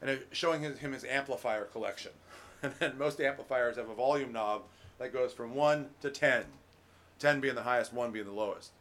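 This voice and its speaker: A middle-aged man preaching a relaxed, conversational sermon as pastor, folksy, full of restarts and "you know.". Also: medium pitch, moderate pace.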